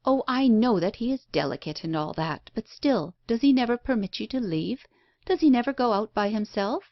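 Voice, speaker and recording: A woman voicing a brusque, blunt, impatient unmarried woman who talks in a sharp, scolding way. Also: fairly high pitch, lively intonation, normal speed, dry recording, lo-fi sound, pitched above the performer's own voice.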